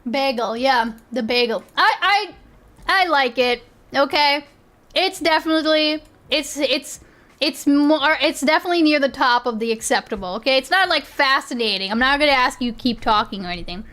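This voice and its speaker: Giggly high-voiced woman streamer. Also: moderate pace, bright, forceful tone. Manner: giggly, rambling and profane. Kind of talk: casual stream reaction commentary.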